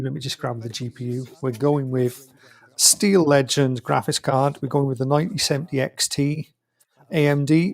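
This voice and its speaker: A British man with a mid-range voice and some vocal fry streams live from home, showing off parts for a new computer. He is chatty and rambling, correcting himself as he goes.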